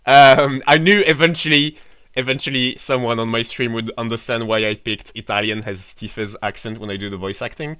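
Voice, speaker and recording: A man's voice: medium pitch, fairly even intonation, fairly quick, a bit bright, clear, resonant tone, no echo. A man streaming a game playthrough, chatting casually, rambling, swearing freely and answering his chat. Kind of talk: casual livestream commentary.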